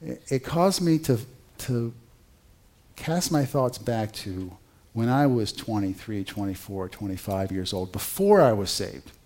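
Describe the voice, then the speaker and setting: A male pastor preaching a sermon in an animated, conversational way, with rhetorical questions to the congregation. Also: on the low side, measured pace.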